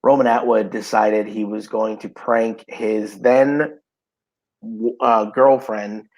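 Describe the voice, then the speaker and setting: Recorded at home on muffled audio, this podcast co-host speaks slowly in a lowish voice. He's got the hiccups, yet he keeps spinning relaxed stories in casual chat, with plenty of filler words.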